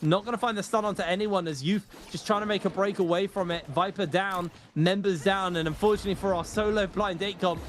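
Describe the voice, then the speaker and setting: High-voiced male esports caster. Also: brisk, few pauses, slight background noise. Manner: energetic, rambling, self-correcting. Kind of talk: live esports play-by-play commentary.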